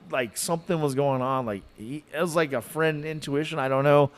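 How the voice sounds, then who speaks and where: A man telling a podcast story in an animated, rambling way, full of fillers and likes. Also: on the high side, moderate pace. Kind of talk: casual storytelling.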